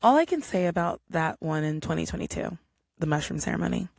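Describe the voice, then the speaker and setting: Brief: young woman, solo podcast host, low-pitched and gravelly, chatty storyteller, dry close sound. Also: quick pace, no room sound. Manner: chatty, animated, acts out quotes.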